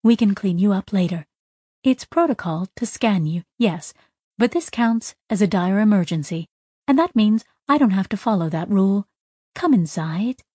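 A woman's voice: medium pitch, lively intonation, normal speed, no room sound, clean studio sound, lightly acted. A woman voicing a kindly, protective voice that speaks from inside a machine, fussing over protocol and reassuring a frightened girl. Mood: soothing. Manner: urgent then soft and reassuring, fussy about protocol.

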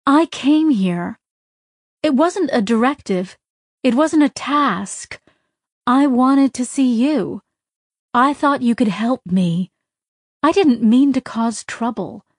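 A woman's voice: medium pitch, takes it slowly, pauses often, warm tone, no room sound, studio quality. A woman voicing a young female artificial intelligence in a child's body, speaking earnestly and pleadingly. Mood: hurt.

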